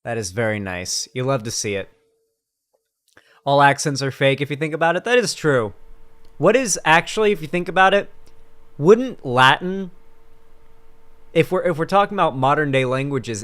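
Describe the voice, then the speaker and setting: A man's voice: medium pitch, moderate pace, fairly bright tone. Crude, rambling male streamer. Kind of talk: casual live-stream chat.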